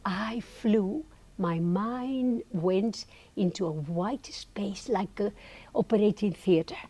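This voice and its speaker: An older woman, a podcast guest, telling her story in an animated way and poking fun at herself. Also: medium pitch, slow pace. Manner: animated, lively storytelling with playful self-mockery. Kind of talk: storytelling interview answer.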